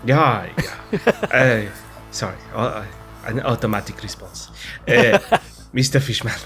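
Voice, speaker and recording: Slow lowish guy player, teasing jokes, music behind. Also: lively intonation, a bit bright. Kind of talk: playing a tabletop game.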